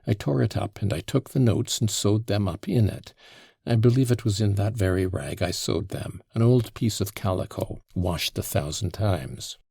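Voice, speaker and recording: A man reading an audiobook, voicing an agitated young former soldier under questioning who turns defensive and bursts out loudly. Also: fairly low pitch, normal speed, gravelly, husky, no room sound, clean studio sound. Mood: evasive. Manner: defensive, flaring into loud outbursts.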